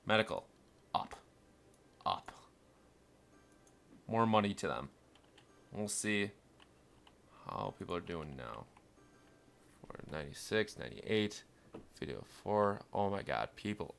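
A young man commentating his city-building game, muttering along and then bursting into panicked, cursing shouts. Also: lowish voice, expressive, a little slow, gravelly, long pauses. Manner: swings from mumbling to panicked yelling, swears constantly. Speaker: gameplay streamer. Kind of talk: casual let's-play commentary.

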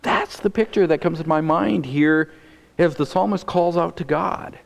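A man's voice: a little high, moderate pace, gravelly. Earnest man preaching in a reverberant church. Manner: earnest, repeats words when starting phrases. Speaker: pastor. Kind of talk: sermon.

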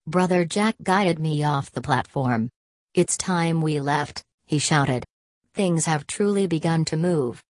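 Low-voiced woman narrating an audiobook. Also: darkish tone, dry recording. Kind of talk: scripted narration.

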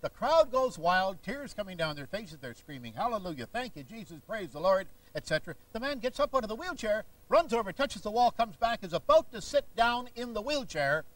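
A man lectures an audience like a showman, with theatrical storytelling. His voice sits a little high. The mic is some distance away in the hall. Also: fairly quick, few pauses. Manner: lively, theatrical storytelling with impressions. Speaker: lecturer and stage conjurer. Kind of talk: public lecture.

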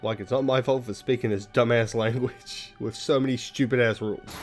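A man's voice: medium pitch, steady tone, brisk, soft background music. A young man giving rambling, jokey, sweary commentary while playing a video game. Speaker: let's play host. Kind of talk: casual gameplay commentary.

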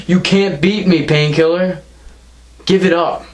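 A man's voice: fairly high pitch, fairly even intonation, unhurried. A young man delivering a wrestling promo, taunting and mocking his opponent as he trash-talks.

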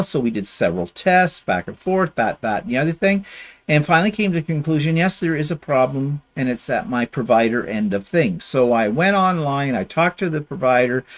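Chatty rambling man, fairly high voice. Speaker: podcast co-host. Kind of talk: casual chat.

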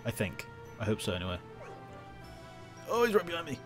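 A man's voice: medium pitch, huge pitch swings, a little fast, over music. A man giving casual let's-play commentary, jittery, chatty and self-mocking as he plays. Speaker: gameplay commentator.

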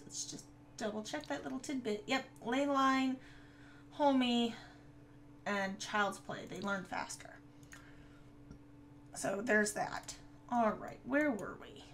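A woman's voice: on the high side, slow, pauses often, fairly bright tone, a little hiss or hum. A woman giving casual gameplay commentary, chatting to her viewers and scolding the game characters. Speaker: gaming video creator.

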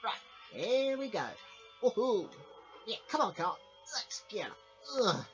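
A man voicing a cheerful young male bandicoot who plays video games, excitable and calling everyone mate. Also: sits high, unhurried, pitched above the performer's own voice. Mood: excited. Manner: excitable, says mate a lot. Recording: dull lo-fi with game music.

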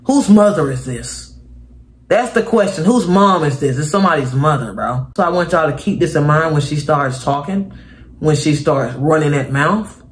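A man's voice: a little high, expressive, normal speed, a little hiss or hum. A young man hosting a reaction video, talking animatedly and sounding exasperated, throwing "bro" into nearly every line from a home mic setup. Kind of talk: casual reaction commentary.

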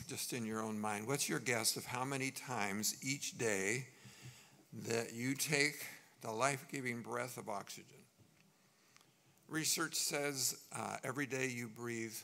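Slow, gravelly male preacher. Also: mid-range voice, pushed and bright. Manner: slow, deliberate preaching with dramatic pauses and repetition. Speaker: preacher at a memorial service. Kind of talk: sermon.

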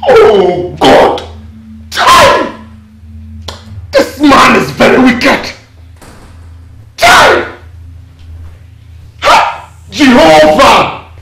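An actress with a Nigerian accent playing a greedy young woman who finds her father's hidden money, swinging from hushed whispers to loud exclamations. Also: lowish voice, wildly swooping pitch, measured pace, pauses often, slight background noise. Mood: ecstatic. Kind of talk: film drama. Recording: echoey room with music behind.

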